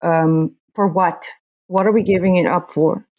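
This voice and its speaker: An earnest woman, speaking slightly low as she works through her answers. She restarts often while searching for the right words. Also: steady tone, normal speed, darkish tone. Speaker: journalist guest. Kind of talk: podcast interview.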